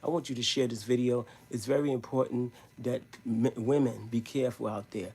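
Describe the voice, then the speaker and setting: Gravelly, husky man, emphatic street-slang storyteller. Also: medium pitch, fairly even intonation, a little fast, a little mellow. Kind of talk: live storytelling stream.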